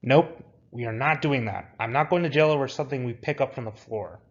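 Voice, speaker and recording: A man's voice: mid-range voice, fairly quick, dull audio, close to an everyday voice. A man voicing an anxious, jumpy young man who talks in a panicky, pleading way. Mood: refusing.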